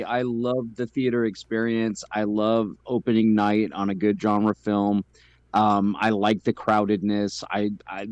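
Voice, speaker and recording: A man's voice: lowish voice, a little mellow, dry recording, dull audio. Easygoing man, dry close sound. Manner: easygoing, hesitant fillers. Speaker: podcast co-host. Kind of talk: casual chat.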